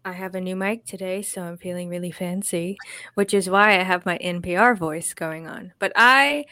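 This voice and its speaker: A woman's voice: lowish voice, moderate pace, no echo. A woman co-hosting a podcast, chatting candidly and laughing as she tells stories. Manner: candid, laughs often, animated storytelling. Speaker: podcast co-host. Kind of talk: casual chat.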